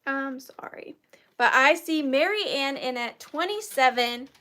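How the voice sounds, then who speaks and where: A woman in her thirties hosts a live vintage sale, chatting and poking fun at herself, and she's easily moved to tears. Her high, bright voice is animated and forceful, delivered at a measured pace.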